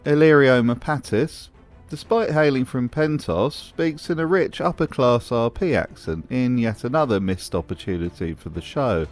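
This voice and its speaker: A man's voice: mid-range voice, expressive, moderate pace, soft background music. A man delivering scripted commentary as a video host, in a dry, mocking manner.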